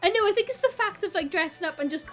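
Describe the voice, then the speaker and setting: A woman's voice: very high voice, animated, fast talker, a bit bright, soft background music. A young Welsh woman from South Wales chatting casually with her live stream audience, giggly and full of "like".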